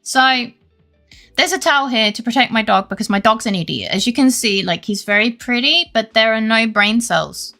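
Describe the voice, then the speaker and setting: Chatty british woman streamer with a gravelly edge. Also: fairly high pitch, animated, moderate pace, sharp tone, soft background music. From Britain. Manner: rambling, greets chat often, many fillers and restarts. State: has a headache. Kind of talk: casual live-stream chat.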